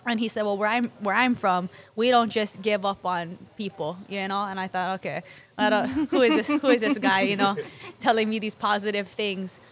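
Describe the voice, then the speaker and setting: A woman's voice: mid-range voice, moderate pace. A woman from Hawaii, a local business owner, telling stories as a podcast guest and acting out dialogue with frequent laughs. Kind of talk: conversational storytelling.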